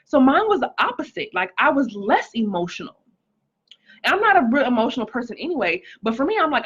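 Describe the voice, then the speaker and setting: Very animated and a little fast, a woman with a high, husky, slightly bright voice casually tells her personal testimony to livestream viewers, greeting them by name. Her speech is full of "like" and "um," and the sound is lo-fi.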